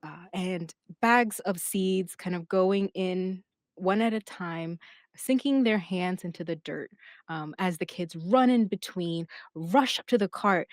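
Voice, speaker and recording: A woman narrating as game master in a tabletop game, describing scenes gently with many fillers. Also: fairly low pitch, measured pace, dry recording, studio quality.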